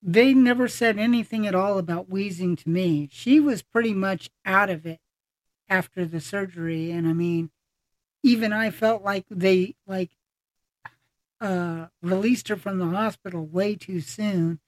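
A podcast host chatting casually, speaking in halting sentences with many fillers and restarts. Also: mid-range voice, no room sound. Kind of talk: casual conversational chat.

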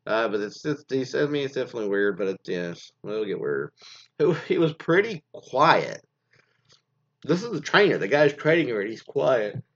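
A man's voice: on the low side, sing-song, fairly quick, few pauses. A man chatting casually as host, rambling with many fillers and restarts while he reacts to stories. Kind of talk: casual commentary on reader stories. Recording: dull lo-fi sound.

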